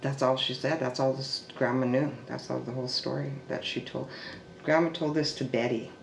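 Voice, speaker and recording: A man telling a family oral history in a halting way, full of restarts and trailing fillers, and sometimes dropping to a soft hush. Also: medium pitch, fairly even intonation, creaky. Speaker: family storyteller. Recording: echoey room with faint background noise.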